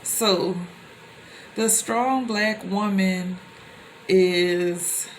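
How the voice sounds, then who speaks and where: A vlogger talks slowly in a mid-range voice, telling a personal story with slight background noise. She's loose and conversational, full of fillers and restarts, and grows animated with rising exclamations when quoting others.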